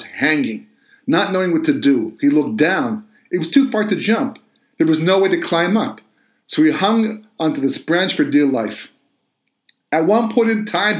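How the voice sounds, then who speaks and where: A man's voice: a little high, roomy sound. A man, an author, talking earnestly about his religious books and telling a joke to explain his ideas.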